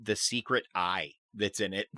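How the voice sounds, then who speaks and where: A man co-hosting a casual stream chat, dropping geeky trivia with deadpan asides. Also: lowish voice, unhurried, no room sound, studio quality. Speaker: stream co-host.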